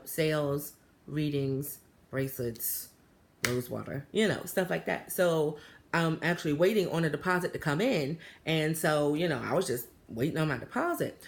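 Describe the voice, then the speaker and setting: A woman, telling a story to her viewers in a chatty, animated way, full of fillers and asides. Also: sits low. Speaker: vlogger. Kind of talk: casual storytelling to camera.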